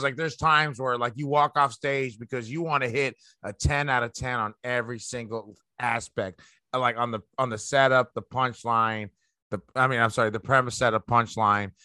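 Male comic guest, bright and tense, excitable and swearing; dry close sound. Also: medium pitch, no room sound. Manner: profane, excitable, rambling. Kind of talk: casual podcast chat.

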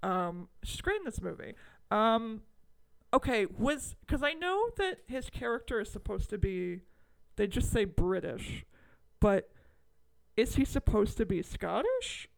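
A young woman co-hosting a casual movie review podcast, chatty and animated. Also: mid-range voice, measured pace, gravelly, rough recording. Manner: chatty, animated, with laughs and mock outrage. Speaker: podcast co-host.

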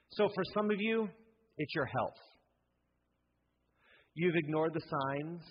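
A man's voice: a little high, slightly rough. A man preaching a sermon as a pastor, telling a Bible story with jokes and building to a rousing call to commit. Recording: dull sound with long hall reverb.

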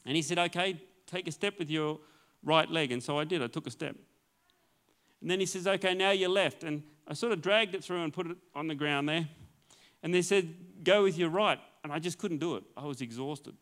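A male pastor tells his testimony from the pulpit with a slightly high voice. He tells it as a story, acts out the dialogue and laughs often as he goes. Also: a little fast, fairly bright tone. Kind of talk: testimony sermon.

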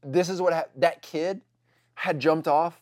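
A man's voice: on the high side, a little slow, darkish tone, no echo, studio quality. A man telling a casual story to his congregation, chatty and full of fillers.

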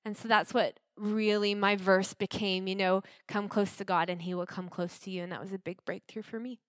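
A woman's voice: medium pitch, fairly even intonation, normal speed, a bit bright, no echo, clean studio sound. A woman earnestly sharing a personal faith testimony. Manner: reflective, earnest.

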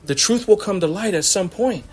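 A man's voice: high-pitched, animated, moderate pace, husky. A man preaching a sermon as a pastor, conversational and laughing often, acting out little quoted exchanges.

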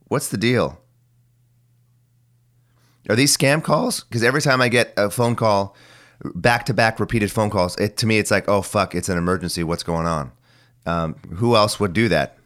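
Forties male host, very low and phlegmy, rambling solo talker with some cursing. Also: a bit bright. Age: 40s. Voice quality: phlegmy voice that cracks. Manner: rambling, musing, mildly profane. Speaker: podcast host. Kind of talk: casual solo monologue.

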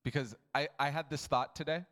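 Chatty man pastor, fairly high voice. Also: fairly even intonation, brisk, fairly bright tone. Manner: chatty, laughs often, acts out quotes. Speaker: pastor leading the church. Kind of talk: casual church talk to the congregation. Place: church building. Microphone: handheld microphone.

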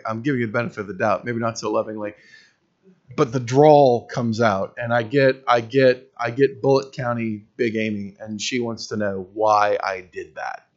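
A man preaching a sermon as pastor, earnest and building to emphatic peaks, with wry self-deprecating humor. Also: medium pitch. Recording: dull lo-fi recording.

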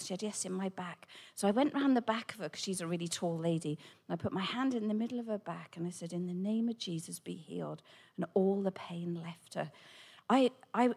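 A woman, a Christian speaker, telling a personal testimony with animated storytelling and acted-out dialogue. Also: medium pitch. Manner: animated, acts out quoted dialogue.

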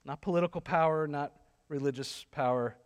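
A man's voice: on the high side, brisk, smooth, big-room sound. A male pastor preaching a sermon, telling a story that builds to sarcastic intensity.

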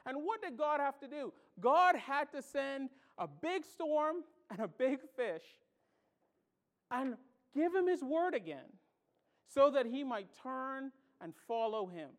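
High-voiced animated preaching man. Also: slow pace. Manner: animated preaching, swinging from loud exclamations to hushed asides; tells stories and acts out reactions. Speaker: pastor. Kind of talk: sermon.

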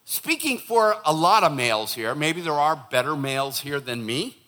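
Joking pastor, man, preaching with a high, bright voice; playful delivery. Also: moderate pace. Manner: animated and joking, acts out quoted voices. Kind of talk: sermon. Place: church.

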